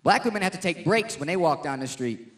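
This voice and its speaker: High-voiced male comic, brash and punchy onstage. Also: expressive, a little fast, a bit bright. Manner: brash, punchy, crowd-teasing. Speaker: stand-up comedian. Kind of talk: stand-up comedy routine.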